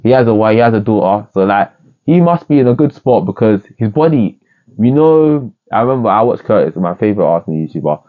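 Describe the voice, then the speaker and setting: A man giving a casual, rambling review of a football match, jokey and excitable. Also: lowish voice, fairly quick. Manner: excitable, rambling, jokey, with bursts of singing and quoting. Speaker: football fan vlogger. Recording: tinny phone-like sound.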